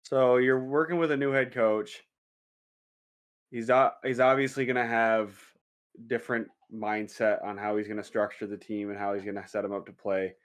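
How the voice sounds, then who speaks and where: A man's voice: on the low side, fairly even intonation, moderate pace, clean tone. A man co-hosting a casual sports podcast, rambling through his points and swearing casually. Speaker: podcast co-host.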